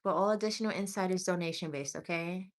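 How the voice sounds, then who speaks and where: A woman doing tarot readings on a livestream, reading chat aloud and calling viewers honey and sweetie. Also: on the low side. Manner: chatty and affectionate, calls viewers honey and sweetie; reads chat aloud while scrolling, with pauses and restarts.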